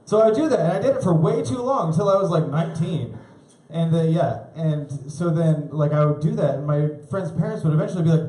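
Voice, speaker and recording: A young man doing a live stand-up set, rambling and laughing at his own stories, jumping into high shouty voices for the people he quotes. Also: fairly quick, hardly any pauses. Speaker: stand-up comedian. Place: live comedy club stage. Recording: roomy club sound.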